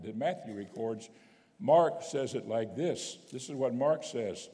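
Man preaching, mellow tone, emphatic repeats, long church echo. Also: medium pitch. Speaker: bishop preaching. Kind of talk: sermon. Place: church sanctuary.

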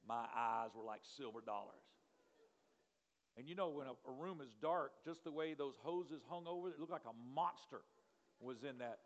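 A man pastor telling a story in a sermon, acting out what people said and shouting at the peaks. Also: mid-range voice, normal speed, long reverb tail, lo-fi sound. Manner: animated, acts out quotes, shouts at peaks.

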